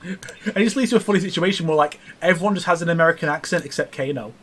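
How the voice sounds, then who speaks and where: A man's voice: a little high, quick pace, slight background noise. A man hosting a casual gaming trivia chat, often stumbling and repeating words. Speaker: podcast host running a trivia iceberg.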